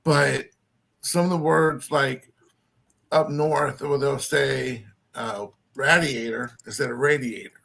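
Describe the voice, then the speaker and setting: A man's voice: mid-range voice, steady tone, slow pace, gravelly, a bit bright. A man from Louisiana with a Southern accent, chatting casually and telling rambling stories with many restarts. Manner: rambling storyteller, restarts sentences, mimics voices in anecdotes. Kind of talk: casual chat.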